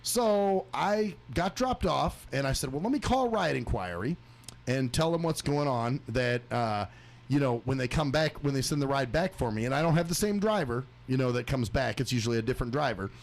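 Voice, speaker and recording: Gravelly radio host guy, swears a lot, voice jumps all over while he rants. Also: medium pitch, normal speed. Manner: crude, animated, laughs often, acts out other callers' voices. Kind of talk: profane ranting storytelling.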